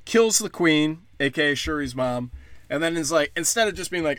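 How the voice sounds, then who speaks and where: A man's voice: a little high, animated, normal speed, a bit bright, no echo. A man ranting in a casual, comedic way as a podcast host, sarcastic and profane.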